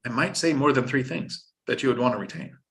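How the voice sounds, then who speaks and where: A man's voice: medium pitch, lively intonation, brisk, fairly bright tone. A man hosting a live-stream finance talk, explaining step by step in an instructive way and cracking jokes while reading viewer chat. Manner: instructive, joking, reads viewer chat aloud. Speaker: host.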